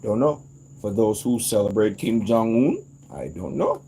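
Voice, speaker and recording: A man in a casual, rambling monologue, animated and profane, jumping into sudden high outbursts. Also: a little slow, gravelly, a little hiss or hum. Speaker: vlogger.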